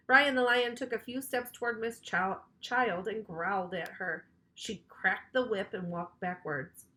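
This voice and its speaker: A woman librarian reading a children's chapter book aloud in an animated, playful, teasing way. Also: medium pitch, unhurried, few pauses. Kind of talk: children's storybook read-aloud.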